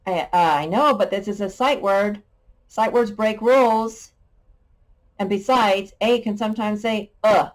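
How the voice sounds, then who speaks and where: Slow, patient woman teaching sight words. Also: mid-range voice. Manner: slow, patient, playful with sound effects. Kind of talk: sight word lesson for young children.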